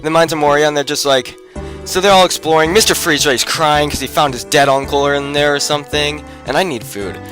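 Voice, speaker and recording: A man's voice: on the high side, a little fast, fairly bright tone, faint music behind. A man giving rambling game commentary, retelling a story packed with "like" and breaking off to talk about his own play. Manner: rambling, filler-heavy retelling with "like". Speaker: gameplay commentator.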